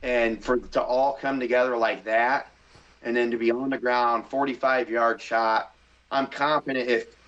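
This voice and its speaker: Excitable man telling a story. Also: medium pitch, moderate pace, highs cut off. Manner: animated, excitable, acts out his own inner voice. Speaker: podcast guest, hunter. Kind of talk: casual storytelling.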